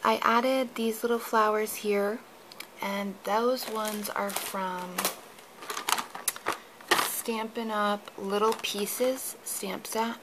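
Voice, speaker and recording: A woman hosting a card-making tutorial, describing her work in a soft, often half-whispered voice. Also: mid-range voice, fairly even intonation, drawn-out words, background noise. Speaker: papercraft tutorial host.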